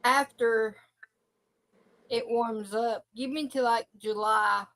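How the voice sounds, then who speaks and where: A woman's voice: fairly high pitch, steady tone, slow, fairly bright tone, poor audio. A woman co-hosting a livestream in casual chat at home, joking and laughing often. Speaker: livestream co-host. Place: indoors at home.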